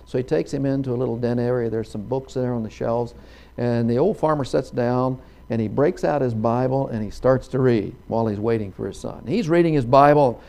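A middle-aged man preaches in a gravelly voice, spinning a folksy story. He acts out the characters and now and then erupts into a loud hallelujah. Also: medium pitch, a little fast. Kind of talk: sermon with storytelling.

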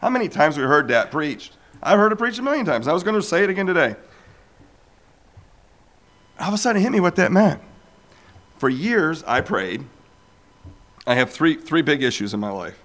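A man preaching a storytelling sermon, animated and acting out dialogues as he goes. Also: a little high, moderate pace, long pauses.

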